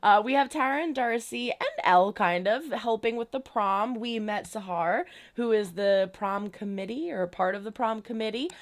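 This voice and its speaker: A woman talks through an episode in a relaxed, chatty way, pushing hard on the parts that bother her. Her voice sits in a middle pitch, and she sometimes briefly mocks the characters in put-on tones. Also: normal speed, few pauses. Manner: chatty and emphatic, dips into mocking voices. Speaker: reaction youtuber. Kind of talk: casual recap and commentary.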